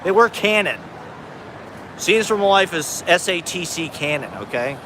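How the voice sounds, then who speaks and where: With city traffic roaring around him, a stoned man streams live on a selfie-stick phone, laughing often as he swears and rambles. His high-pitched voice has lively intonation and a slightly slow delivery.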